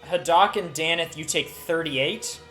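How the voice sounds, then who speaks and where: A man running a tabletop game as game master, telling the scene with lively restarts. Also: fairly high pitch, a little slow, reverberant, faint music behind. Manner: lively storytelling with many restarts.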